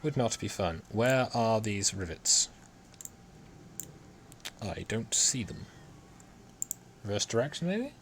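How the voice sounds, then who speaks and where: Guy slowly narrating his cad work, lowish voice, faint hiss and keyboard clicks. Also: very animated. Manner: muttering to himself, self-deprecating. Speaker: hobby modeller streaming CAD work. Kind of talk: casual talk-through while working.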